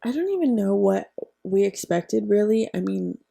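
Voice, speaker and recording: A woman's voice: medium pitch, expressive, moderate pace, gravelly, mellow. A young woman co-hosting a podcast, chatting casually with lots of "like" fillers and casual swearing. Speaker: podcast co-host. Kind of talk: casual chat.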